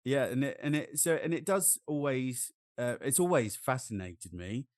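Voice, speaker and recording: An English man with a Norwich accent chats easily as a co-host. He rambles and restarts in a relaxed way. His voice is recorded close and dry, with no room sound. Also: medium pitch, moderate pace, no echo. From England. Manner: chatty, slips into other accents for quoted speech. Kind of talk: casual chat.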